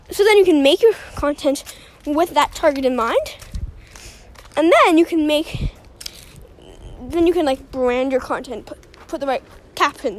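A young host with a high voice talks while walking outdoors. She rambles in a silly, self-mocking way and is a little out of breath, with faint noise behind her. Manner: silly, self-mocking, jumps between topics. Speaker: podcast host. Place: outdoors on a walk near a road.

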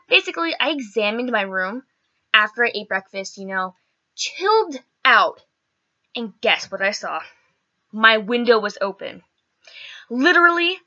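A woman's voice: high voice, sharp tone, highs cut off. A woman vlogger telling a story in casual, chatty talk, full of "like" and "okay" and some swearing.

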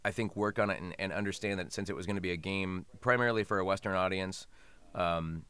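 A man's voice: low-pitched, fast talker, a bit bright, clear, resonant tone. A man talking as a voice actor guest in a casual interview, chatty and laughing often.

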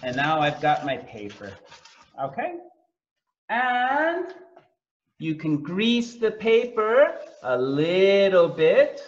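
Man, cooking lesson teacher, very slow, repeats words for learners, echoey room, dull sound. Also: sits high, wildly swooping pitch. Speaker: English teacher.

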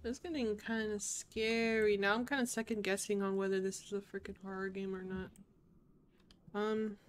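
A woman's voice: mid-range voice, fairly even intonation, moderate pace, slight background noise. A woman chatting playfully through a video game playthrough, talking to her viewers as she plays. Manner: chatty, playful, talks to chat while playing. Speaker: gaming streamer. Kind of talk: casual let's-play commentary.

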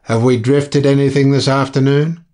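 A man voicing a deep-voiced male sea captain with brisk, commanding questions. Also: steady tone, warm tone, close to an everyday voice. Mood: questioning. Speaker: ship's captain.

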